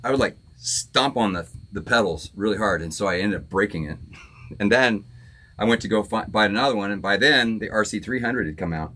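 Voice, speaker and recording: Laid-back, low-voiced man chatting on a stream. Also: brisk, sharp tone. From Florida. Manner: laid-back, chatty, laughs often, says "man" a lot. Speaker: musician hosting a live stream. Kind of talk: casual live-stream chat reading viewer comments. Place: home studio.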